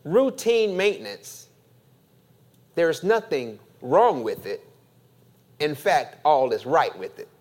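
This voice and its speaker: Pastor type, male, preaches slowly with a lively, rising and falling delivery. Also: a little high. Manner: slow, deliberate preaching with call-and-response. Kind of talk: sermon.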